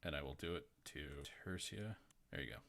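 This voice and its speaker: A man's voice: deep voice, expressive, brisk, gravelly, a bit bright. A man running a tabletop game as game master, chatty and rambling, laughing often.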